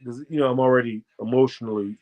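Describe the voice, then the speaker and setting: An American man, a former fighter, telling a profane, boastful story as a guest and breaking into loud shouted quotes. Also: medium pitch, moderate pace, muffled recording. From United States. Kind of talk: animated storytelling.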